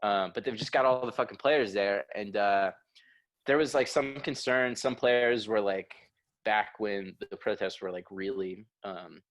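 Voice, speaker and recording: A man's voice: on the low side, measured pace, fairly bright tone. A man co-hosting a podcast, chatting casually in a rambling, profane way. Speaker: podcast co-host. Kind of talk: casual chat.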